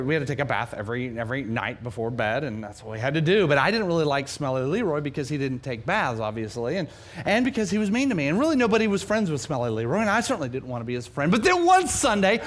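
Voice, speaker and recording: A man from New Mexico, a pastor, preaching a sermon with animated, humorous storytelling and self-deprecating asides. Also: mid-range voice. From New Mexico, USA.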